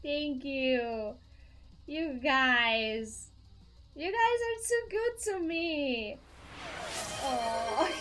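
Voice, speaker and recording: A high-voiced woman streamer talks slowly with a lively, swooping melody. She giggles and gushes thanks to her viewers. Faint game music plays underneath. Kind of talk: live game stream chat.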